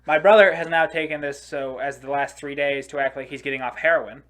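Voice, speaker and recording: Bright-voiced man telling a rant. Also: a little high, fairly quick. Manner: swearing, animated storytelling. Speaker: podcast co-host. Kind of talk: casual chat.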